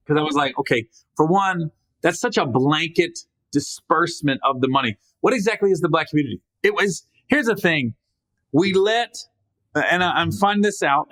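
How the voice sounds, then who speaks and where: A man's voice: fairly high pitch, fairly bright tone, dry recording. A man hosting a podcast, talking alone in a casual, rambling way, joking at his own expense and often restarting his sentences. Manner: rambling, with frequent restarts and self-corrections; joking, self-deprecating. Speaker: podcast host. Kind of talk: casual solo monologue.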